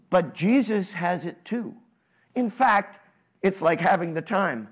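A man with a high, light voice delivers a sermon. He preaches in an animated way, his voice jumping up and getting louder, and he keeps putting questions to the congregation. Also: takes it slowly, breathy edge. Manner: animated preaching, sudden rises in pitch and volume, asks the congregation questions. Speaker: pastor.

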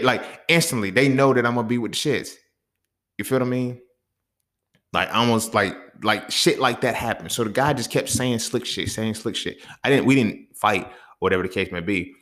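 A man's voice: on the low side, moderate pace, a bit bright. Heated, profane man ranting. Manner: heated, profane, street slang. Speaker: podcast host. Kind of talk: casual monologue.

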